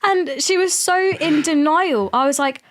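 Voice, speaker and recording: A woman's voice: high voice, measured pace. A young woman talking as a guest on a podcast in easy, loose chat. She laughs often, swears freely and jumps into quoted voices of her mother while she tells a story.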